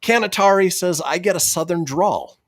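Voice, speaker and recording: A man's voice: high voice, normal speed, no room sound, studio quality. A man hosting a radio show, chatting casually and reading out listener messages with chuckles. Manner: lively, chuckling storyteller.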